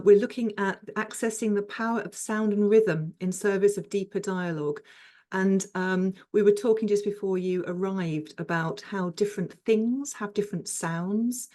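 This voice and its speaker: A woman's voice: mid-range voice, dark tone. Upbeat woman host, chatty webinar welcome, video-call sound. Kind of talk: introducing a webinar session.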